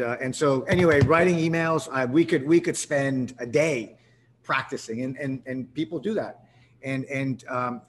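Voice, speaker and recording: Man, from Canada, webinar host, energetic, animated, halting restarts, mid-pitched voice. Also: slight background noise. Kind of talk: live webinar presentation.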